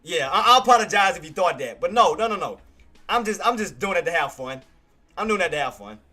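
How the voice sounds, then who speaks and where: An excitable male streamer talks through live trades, repeating himself and apologizing a lot. His voice sits high and bright. Faint music plays under him. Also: fairly quick. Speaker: livestream trading streamer. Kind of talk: live commentary chat.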